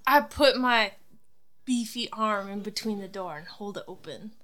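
A woman playing a tabletop game, speaking in character in a hesitant, halting way. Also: medium pitch, bright, forceful tone. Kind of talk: in-character role-play.

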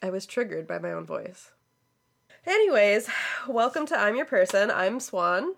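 A woman's voice: mid-range voice, big pitch swings, normal speed, creaky. A woman co-hosting a podcast, wry and blunt, who swears casually in easy chat. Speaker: podcast co-host.

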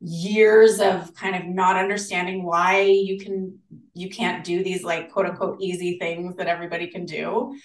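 An Australian woman chatting as a podcast guest, animated and acting out the voices of people she quotes. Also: on the low side, moderate pace. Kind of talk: casual interview chat. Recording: roomy, distant from the mic.

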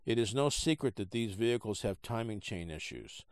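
A man hosting a podcast, reading a trade article aloud in a halting, casual way with many fillers, and he has the hiccups. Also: on the low side, expressive, dry recording. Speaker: podcast host.

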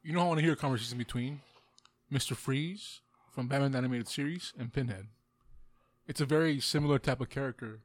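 A man co-hosting a casual podcast, relaxed and chiming in. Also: medium pitch, quick pace, slight background noise. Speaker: podcast co-host. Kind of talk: casual chat.

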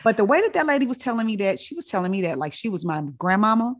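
A woman telling a personal story in a casual, animated way, often laughing. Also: medium pitch, fast. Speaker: guest storyteller.

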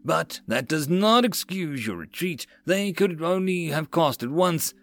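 A man's voice: a little high, lively intonation, measured pace, voice pushed up. A man voicing an arrogant male imperial lord who roars his commands. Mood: furious. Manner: roaring, haughty and angry.

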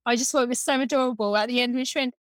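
Casting: young woman, podcast co-host, higher voice, dry close sound, chatty and giggly. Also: racing, dry recording. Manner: chatty, giggly, animated quoting. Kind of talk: casual chat.

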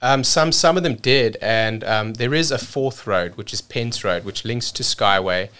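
A man from South Africa telling a story as a podcast guest, energetic and repeating words as he rushes on. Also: lowish voice, smooth. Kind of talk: casual storytelling.

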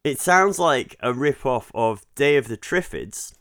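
A Scottish man co-hosting a podcast, talking in a relaxed, jokey way and swearing freely. His voice is smooth and clear. The recording is close and dry, with no room sound. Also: mid-range voice, a little slow, no room sound. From Scotland. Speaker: podcast co-host. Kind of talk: casual chat.

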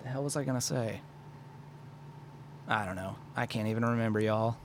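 A man's voice: fairly low pitch, normal speed, slight background noise. A young man hosting a solo podcast, rambling and swearing into a microphone, joking at his own expense as he vents. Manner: rambling, profane, self-deprecating. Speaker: podcast host. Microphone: studio microphone.

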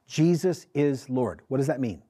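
A man's voice: medium pitch, expressive, normal speed, dark tone, breathy edge. A male pastor preaching a sermon to his congregation, emphatic and asking them questions. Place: church with a congregation.

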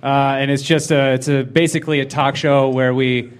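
A man, a comedian and podcast co-host, plugging his show with offhand, deadpan jokes. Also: medium pitch, moderate pace. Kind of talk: live podcast banter.

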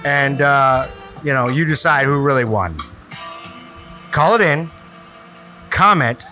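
A man's voice: medium pitch, slow, sharp tone, faint music behind. A man hosting a casual comedy podcast, joking and steering the segments. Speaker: podcast host. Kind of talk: casual banter.

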